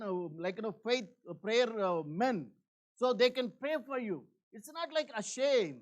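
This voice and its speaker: A pastor with a high voice delivers a church sermon earnestly, repeating himself and using lots of fillers. He swings back and forth between emphatic and hushed.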